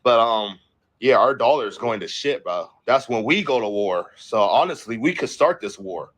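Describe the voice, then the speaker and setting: A man's voice: medium pitch, lively intonation, moderate pace, fairly bright tone. Profane, rambling livestream host, man. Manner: profane, rambling, reads headlines aloud then riffs. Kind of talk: casual livestream commentary.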